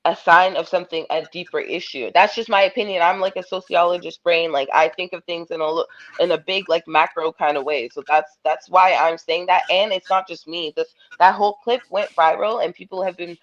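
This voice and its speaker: A woman's voice: lowish voice, fairly even intonation, brisk, muffled recording. A woman panelist in a heated group chat, blunt and sarcastic, swearing freely.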